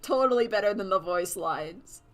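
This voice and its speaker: A woman's voice: medium pitch, lively intonation, moderate pace, a bit bright, soft background music. A young woman chatting casually on a livestream, giggly and rambling with lots of fillers. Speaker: streamer and artist.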